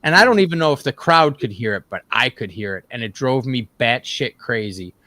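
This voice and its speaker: A guitarist joins a friend for a loose chat about gear, telling long, rambling stories in a relaxed way. His voice sits at a middle pitch and sounds dry and close, with no room echo. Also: fairly quick. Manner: easygoing, rambling storyteller with fillers. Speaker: guest guitarist in a band.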